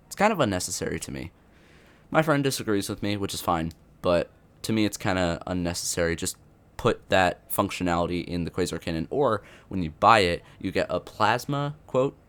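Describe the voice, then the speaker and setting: A young man with a low, deep voice talks through his thoughts on a game update without a script. He rambles, stopping and restarting sentences and leaning on fillers as he goes. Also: a bit bright. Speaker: gaming youtuber. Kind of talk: unscripted commentary.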